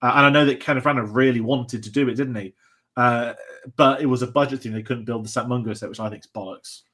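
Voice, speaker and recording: Man, mid-pitched, excitable, rambling film chat, casual swearing. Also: fast. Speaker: podcast co-host.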